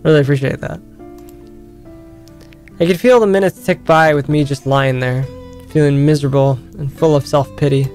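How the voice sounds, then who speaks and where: A man's voice: a little high, moderate pace, pauses often, a little mellow, faint music behind. A man streaming a story game, reading the narration aloud and breaking off to chat with and thank his viewers.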